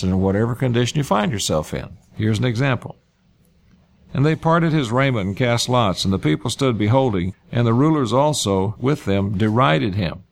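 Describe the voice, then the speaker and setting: Gravelly-voiced male preacher. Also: medium pitch. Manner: reads scripture aloud and paraphrases it in plain speech. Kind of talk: sermon.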